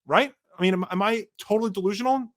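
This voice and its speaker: A man co-hosting a sports podcast, ranting in a casual, animated way with frequent restarts, his voice going hoarse. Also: high-pitched, quick pace. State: losing his voice. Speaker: podcast co-host.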